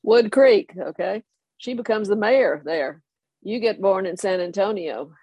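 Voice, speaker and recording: An older person telling a family story in a lively way, often laughing and acting out the others. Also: mid-range voice, measured pace, breathy edge, no room sound. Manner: animated, laughing anecdote telling. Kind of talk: oral history storytelling.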